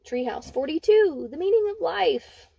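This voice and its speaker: A woman's voice: extremely high pitch, expressive, unhurried, vocal fry, dark tone, dry recording, dull audio. A young adult woman giving a casual spoken card reading, candid and emphatic, swearing freely. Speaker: intuitive card reader. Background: dog barking.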